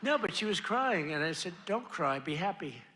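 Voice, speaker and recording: At a rally venue, an older male politician gives a boastful, repetitive speech that drifts into rambling asides, with crowd noise in the recording. His voice is high, moves at a moderate pace and swings widely in pitch.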